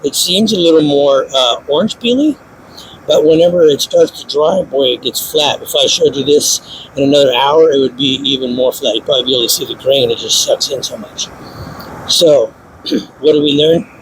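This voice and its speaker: A man giving a casual hands-on painting demonstration in a workshop, snarky and self-mocking, with sudden excited outbursts. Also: mid-range voice, moderate pace, slight background noise, low-quality recording. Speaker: paint instructor.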